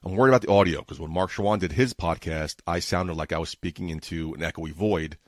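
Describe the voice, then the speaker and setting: Fast-talking New York man, low voice. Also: no echo, clean studio sound. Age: 40s. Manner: fast-talking, tends to mumble and trip over words; exasperated ranting. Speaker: podcast host. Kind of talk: casual solo podcast chat. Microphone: home podcast microphone setup.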